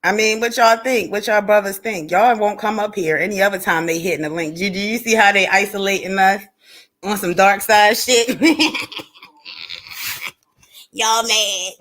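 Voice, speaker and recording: A woman's voice: medium pitch, normal speed, pauses often, a bit bright. A woman co-hosting a live stream in casual chat, talking bluntly and with animation, swearing freely and laughing often. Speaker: livestream co-host.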